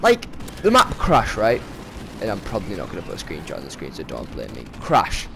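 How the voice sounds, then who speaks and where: A young man, a gaming commentator, rants casually over gameplay in a deep voice with huge pitch swings and vocal fry. He talks briskly, swearing and exasperated, with sudden outbursts, and there's background noise.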